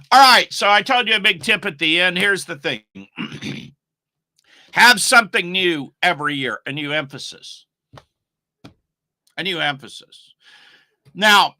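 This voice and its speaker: A man's voice: high voice, bright, forceful tone, dry recording. A middle-aged man teaching online marketing on a casual live stream, rambling and emphatic, with asides to his viewers.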